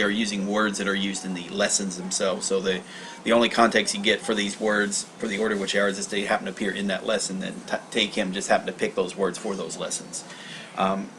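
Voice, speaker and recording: A man with a fairly low voice talks through a study lesson on a casual livestream. He reads passages aloud and explains them, rambling and correcting himself as he goes. A faint hiss sits under the recording. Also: level tone, quick pace.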